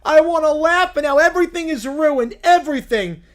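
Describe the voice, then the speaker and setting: A synthetic voice doing a wailing tantrum bear. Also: male voice, very high-pitched, normal speed. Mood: despairing. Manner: wailing, petulant complaints. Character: whiny bear, sore hockey fan, throwing tantrums.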